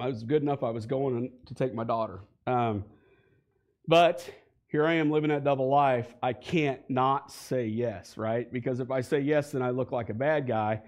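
A man's voice: medium pitch, a little mellow. A man in his forties telling his personal faith story to a church congregation, conversational and building to heated emphasis. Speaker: guest speaker giving a testimony. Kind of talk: church testimony. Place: church sanctuary.

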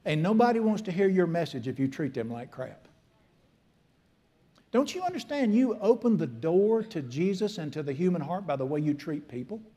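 A man's voice: a little high, big pitch swings, normal speed, dark tone, breathy edge. A man, preaching a sermon in an emphatic, folksy, storytelling way with humor. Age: 60s. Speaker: pastor.

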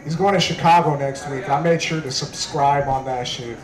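A man performing a stand-up comedy set on a club stage, telling jokes in a conversational way with deadpan punchlines. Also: mid-range voice, moderate pace, echoey room, a crowd in the background, low-quality recording.

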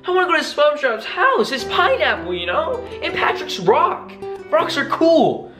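A man's voice: extremely high pitch, sing-song, normal speed, over music. A young man vlogging in a dramatic, exclaiming way, full of slang. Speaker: YouTube creator. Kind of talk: excitable reaction vlog.

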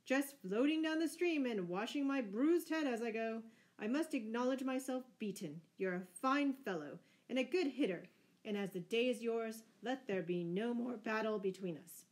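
A woman's voice: fairly high pitch, animated, normal speed, a little mellow, voice pushed up, lightly acted. A woman voicing a cheerful, bold male outlaw leader in a storybook reading, speaking heartily. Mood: hearty. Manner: hearty and jovial.

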